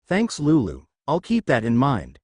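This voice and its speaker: A man's voice: medium pitch, huge pitch swings, unhurried, darkish tone, no echo. A man doing a cheeky young blond ninja. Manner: cheeky, informal.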